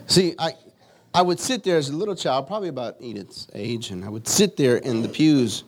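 A man preaching a sermon, moving from solemn teaching to lively storytelling. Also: medium pitch, a little fast. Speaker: pastor.

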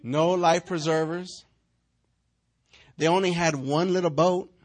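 A male pastor, preaching a sermon in an animated, joking way and acting out the people in the story. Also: a little high, slow pace. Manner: animated, joking, acts out quotes.

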